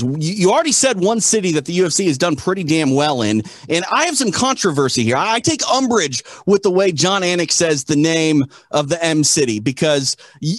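A man's voice: a little high, no room sound, studio quality. A man from the United States hosting an interview, chatting in a playful, mock-serious way. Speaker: interview host. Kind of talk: casual interview chat.

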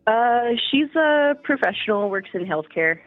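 A woman's voice: a little high, expressive, a little slow, no echo, soft background music. A young woman with a Canadian accent calls in over a tinny, phone-like line. She talks candidly and chattily, and the sound is dry. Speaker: caller. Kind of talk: casual phone-in chat.

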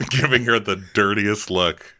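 A man's voice: lowish voice, takes it slowly, pushed and bright. A man co-hosting a podcast, recapping a show in a wry, sarcastic casual chat. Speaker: podcast co-host.

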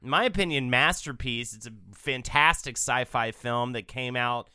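An enthusiastic male podcast host chatting casually, piling on restarts as the excitement runs ahead of his words. His voice is bright, smooth and crisp. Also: medium pitch, moderate pace, no room sound, clean studio sound. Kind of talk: casual chat.

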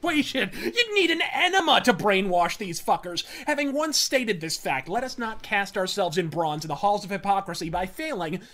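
A man's voice: sits high, expressive, normal speed, few pauses, sharp tone. A man delivering scripted political commentary in an ornate, theatrical style packed with insults. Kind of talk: played video clip of scripted political commentary.

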